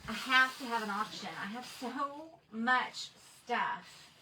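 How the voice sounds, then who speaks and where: A woman's voice: on the high side, slow, sharp tone, distant mic, slight background noise, low-quality recording. A woman hosting a crafting livestream, chatting casually and reading viewer comments aloud in a rambling way. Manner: chatty, rambling, with frequent restarts and fillers.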